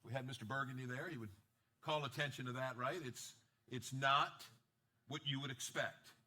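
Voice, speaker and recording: A man pastor preaching a sermon with an animated style, acting out quotes and joking with the congregation, swinging between quiet asides and loud bursts. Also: mid-range voice, moderate pace.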